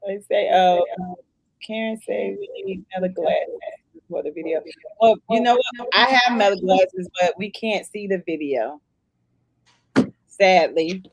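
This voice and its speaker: A woman's voice: mid-range voice, lively intonation, measured pace, long pauses, no echo, poor audio. A woman co-hosting a casual livestream who mostly backs up the host with short agreements.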